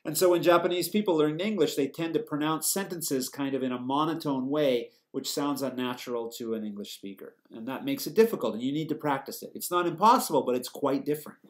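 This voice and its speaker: A man teaching a lecture, explaining step by step in a steady way, with fillers and self-corrections. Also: fairly high pitch, brisk, hardly any pauses. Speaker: English teacher giving a lecture. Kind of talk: recorded lecture.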